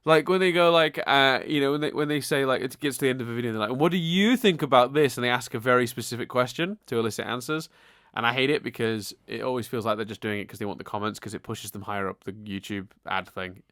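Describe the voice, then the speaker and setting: A man's voice: medium pitch, steady tone, fast, few pauses, fairly bright tone, clear, resonant tone, no echo, studio quality. A man co-hosting a podcast, chatting casually and rambling, with many restarts and repeated words. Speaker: podcast co-host. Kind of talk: casual chat.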